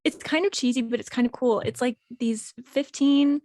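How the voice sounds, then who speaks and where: A quick-witted woman co-hosts a podcast, talking candidly and laughing easily. Her voice is fairly high and recorded dry and close, with no room sound. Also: fairly even intonation, darkish tone, no echo. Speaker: podcast co-host. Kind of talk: casual chat.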